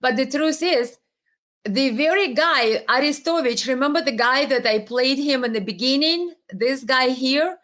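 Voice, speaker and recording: A woman's voice: sits high, moderate pace, a bit bright. A woman hosting a live stream, giving emphatic, exasperated political commentary full of rhetorical questions.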